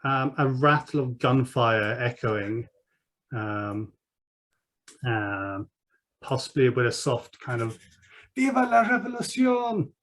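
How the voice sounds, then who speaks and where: A man's voice: medium pitch, fairly even intonation, slow, long pauses, a bit bright. A man narrating as game master of a tabletop game, talking with many ums and uhs.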